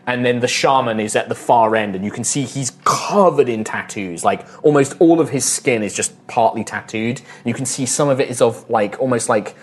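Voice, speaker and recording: A man's voice: medium pitch, moderate pace, hardly any pauses. Chatty male game master narrating. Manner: descriptive, full of "like" fillers.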